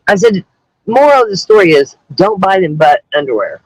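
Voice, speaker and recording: A woman's voice: fairly low pitch, expressive, moderate pace, pauses often, background noise. A woman calling in by phone from her car on a livestream, telling blunt, crude, joking stories in casual chat. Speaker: guest caller on a livestream. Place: in a car, driving around.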